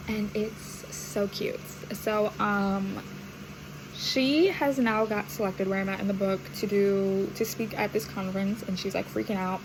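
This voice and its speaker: A young woman chats through a casual reading update, gushing and full of fillers. Her voice has a gravelly fry at the ends of phrases. The home recording is noisy, with a washing machine running behind her. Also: medium pitch, steady tone, measured pace. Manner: chatty, gushing, lots of fillers. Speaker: book vlogger. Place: at home while doing laundry. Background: washing machine noise.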